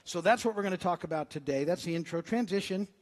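A man's voice: high voice, fast, darkish tone. A man preaching a sermon as pastor, conversational and cracking jokes between scripture readings. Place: church sanctuary. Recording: long church hall reverb.

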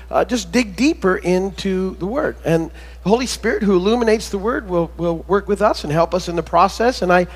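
A man preaching a sermon as pastor in a church sanctuary, in a conversational, halting way with many fillers and restarts, and cracking corny jokes between points of teaching. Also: high voice. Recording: long reverb of a church hall.

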